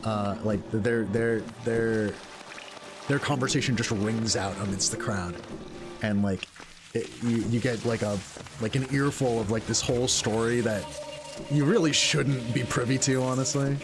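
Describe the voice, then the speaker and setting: A man's voice: mid-range voice, unhurried, over music. A man chatting casually while playing a game. He rambles with lots of fillers and breaks into laughter. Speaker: gaming streamer. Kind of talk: casual gameplay commentary. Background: other people in the house.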